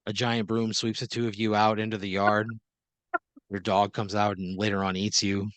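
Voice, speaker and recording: A man hosts an improvised comedy podcast as the storyteller, in a fairly low voice. He narrates casually, piling up fillers and asking for confirmation. The sound is close and dry. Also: little pitch movement, moderate pace, fairly bright tone, no room sound. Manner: casual, laughing narration full of "like" and "right?". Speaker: host and game master.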